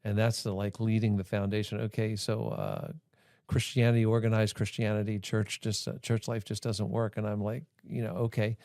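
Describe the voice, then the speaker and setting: A man's voice: lowish voice, flat delivery, normal speed, vocal fry, darkish tone, no room sound, studio quality. A man hosting a church podcast, talking in a casual, rambling way full of fillers. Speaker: podcast host.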